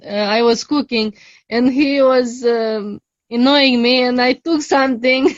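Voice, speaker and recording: A woman's voice: on the high side, steady tone, dry recording, muffled recording. A woman talking to her coach about her partner, hesitating often, using many fillers, and laughing between phrases. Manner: halting, with frequent laughter and fillers. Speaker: coaching client. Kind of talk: casual chat.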